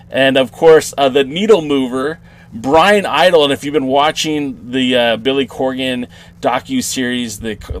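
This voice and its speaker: A man hosting a podcast, talking casually on his own with many fillers and restarts. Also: medium pitch. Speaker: podcast host. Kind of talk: solo wrestling podcast commentary.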